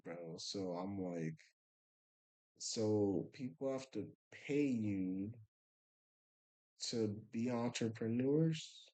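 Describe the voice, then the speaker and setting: A tired young man telling a personal story in a casual, halting way, full of restarts and fillers. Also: mid-range voice, mellow, low-quality recording. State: tired late at night. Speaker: vlogger.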